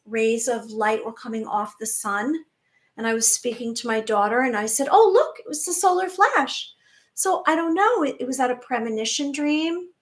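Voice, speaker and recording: A woman with a grown daughter giving an earnest spiritual monologue to her viewers, soft and reassuring, with many rhetorical questions. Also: on the high side. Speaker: spiritual channel host.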